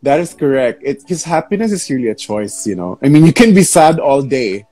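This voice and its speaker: A man's voice: medium pitch, big pitch swings, brisk, dark tone, no echo. A young man hosting a live interview, chatty and sympathetic, with loose casual fillers. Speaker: interview show host.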